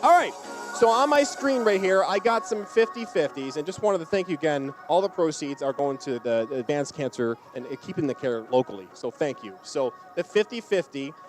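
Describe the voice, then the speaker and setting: Upbeat high-voiced man calling auction winners. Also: animated, faint music behind. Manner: upbeat, drawn-out name calls. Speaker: charity auction host. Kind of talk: announcing prize winners.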